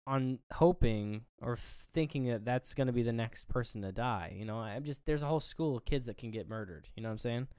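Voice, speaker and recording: A man's voice: mid-range voice, a little fast, few pauses, a little mellow, smooth, dry recording, studio quality. A man co-hosting a casual movie review chat, rambling and swearing as he acts out scenes. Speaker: podcast co-host.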